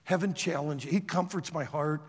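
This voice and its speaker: A man preaching to college students, telling a story in a loud, animated way. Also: on the high side, moderate pace, breathy edge, in a large hall. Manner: animated storyteller, shouts quoted lines. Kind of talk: sermon with a story.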